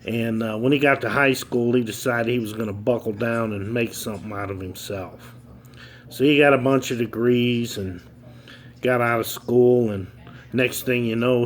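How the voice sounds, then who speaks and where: A man telling a long joke in a folksy, easygoing way, with the odd um and uh. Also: mid-range voice. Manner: folksy, easygoing, with ums and uhs. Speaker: joke teller. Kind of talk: casual storytelling joke.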